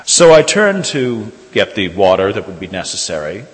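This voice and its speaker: Low-voiced priest preaching in a church. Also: male voice, big pitch swings. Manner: measured storytelling, slowing for emphasis. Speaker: Catholic priest. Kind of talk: sermon with personal story. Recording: reverberant church hall.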